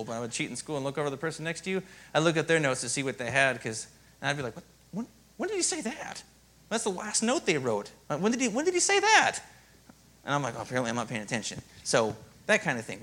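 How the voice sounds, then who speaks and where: A man preaching a sermon as pastor, in a lively, conversational way and often asking "Amen?". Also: mid-range voice.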